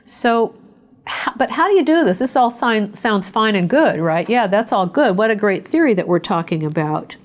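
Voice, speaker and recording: A woman psychotherapist leading a webinar, talking in a gentle, conversational way and guiding listeners through a mindfulness exercise. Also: mid-range voice. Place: indoors, remote webinar.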